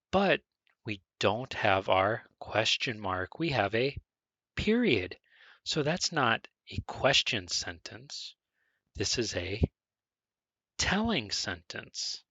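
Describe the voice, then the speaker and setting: A man teaching a beginner English grammar lesson over a screen recording, speaking slowly and deliberately, spelling words out and stressing question intonation. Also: fairly low pitch, bright, forceful tone, dry recording, muffled recording.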